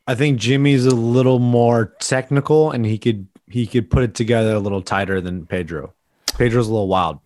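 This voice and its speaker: A man's voice: medium pitch, brisk, darkish tone. A man co-hosting a casual podcast, slangy and playful, often hesitating with fillers. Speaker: podcast co-host. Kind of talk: casual chat.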